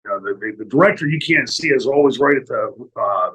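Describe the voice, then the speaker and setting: A middle-aged man telling a profane, animated backstage story as an interview guest, acting out other people's lines. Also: mid-range voice, quick pace, husky, low-quality recording. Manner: animated, profane, acts out quotes.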